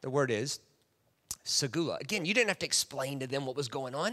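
A man preaching a sermon, animated and playful, acting out quoted voices and often restarting his sentences. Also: medium pitch, moderate pace. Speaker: pastor. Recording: reverberant hall.

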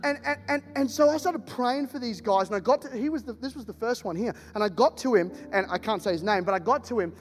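A man preaching a sermon, telling stories in an animated, joking way. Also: very high voice, fast talker, hardly any pauses. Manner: animated, jokey storytelling with laughs. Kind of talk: storytelling sermon. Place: church hall. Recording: reverberant hall, faint music.

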